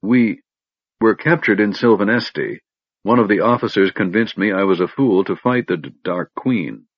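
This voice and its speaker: A man's voice: on the low side, normal speed, slightly rough, no echo. A man voicing a nervous, cornered male soldier who hesitates and stammers. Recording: dull lo-fi recording.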